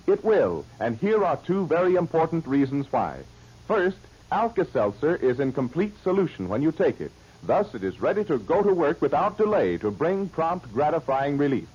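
A man's voice: fairly high pitch, darkish tone, husky. A man reading a radio advertisement as an announcer, emphatic and persuasive. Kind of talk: radio ad read. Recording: muffled old radio recording.

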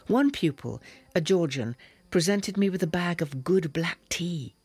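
Slightly husky male audiobook narrator. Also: fairly high pitch, animated, a little slow, darkish tone, no echo. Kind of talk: scripted narration.

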